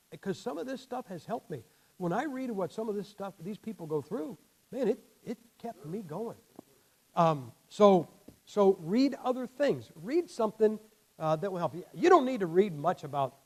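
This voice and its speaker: A man's voice: fairly high pitch, a little mellow, rough recording. A man in his sixties preaching a sermon in a blunt, folksy, emphatic way, his damaged vocal cords leaving him short of air at the ends of sentences.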